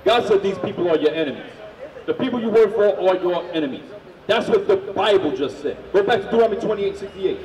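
A man street preaching, loudly firing questions at the crowd and drilling his points home. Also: sits high, expressive, fast talker. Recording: echoey, from far off.

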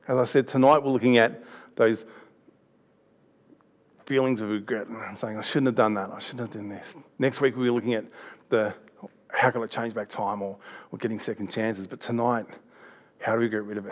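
Man, youth sermon, chatty storytelling, mid-pitched voice. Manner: chatty storytelling with laughs and restarts. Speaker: youth pastor. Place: church hall.

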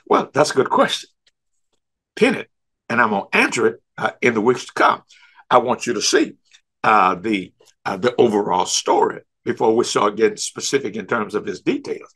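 A man teaching a church Bible study, emphatic and repetitive, slowing down to stretch key words and stumbling over restarts. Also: fairly low pitch, big pitch swings, a bit bright, slightly rough.

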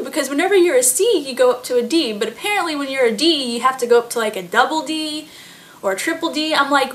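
A woman's voice: high-pitched, expressive, quick pace, a bit bright. A pregnant woman in her late twenties chatting casually to her vlog audience, giggling often and filling her talk with fillers. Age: late 20s. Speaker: vlogger. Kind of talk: casual chat.

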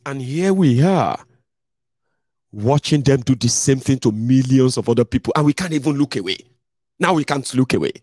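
A man's voice: medium pitch, expressive, normal speed, a little mellow, no echo, clean studio sound. A young adult man with a Nigerian accent, giving a blunt, mocking political commentary to his viewers. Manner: blunt, mocking, mimics others in a raised voice. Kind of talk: casual monologue to viewers.

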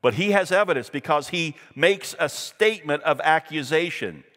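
A man's voice: on the high side, animated, moderate pace, fairly bright tone. Earnest male pastor preaching in a hall. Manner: earnest, emphatic preaching with scripture readings. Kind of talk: sermon.

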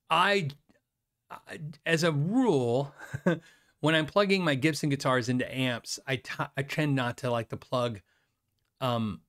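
A man's voice: mid-range voice, bright, forceful tone. Rambling, chatty male guitar show host. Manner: rambling, self-deprecating, quick laughs and many fillers. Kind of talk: casual live chat reading viewer questions.

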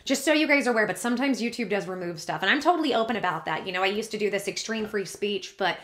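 A woman vlogger speaks to her audience in a rambling, heartfelt way. She sounds close to tears, and her voice wavers as she talks. Her pitch sits at a middling level for a woman. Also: lively intonation, fast, fairly bright tone. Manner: tearful, rambling, earnest. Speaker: YouTuber. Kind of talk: emotional confessional vlog.

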